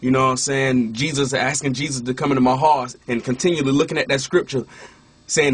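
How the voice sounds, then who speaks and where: Husky man giving a casual testimony. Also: medium pitch, fairly even intonation, fairly quick. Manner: casual, keeps saying "you know what I'm saying"; restarts and repeats words while telling. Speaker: minister and former rapper. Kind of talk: personal testimony.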